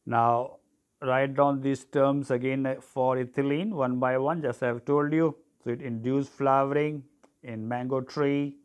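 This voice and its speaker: A male teacher giving a biology lesson, dictating notes, spelling terms letter by letter and checking in with a frequent "okay". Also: medium pitch.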